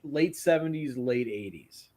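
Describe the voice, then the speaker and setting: A man's voice: mid-range voice, unhurried, darkish tone. A man hosting a casual podcast chat, talking with enthusiasm and rambling a little, with casual swearing.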